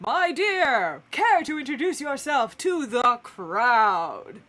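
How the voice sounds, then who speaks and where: A woman voicing a small fussy male groundhog announcer in a very high-pitched, squeaky voice, grandly addressing a crowd. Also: very animated, slow, pushed and bright, exaggerated voice. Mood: announcing.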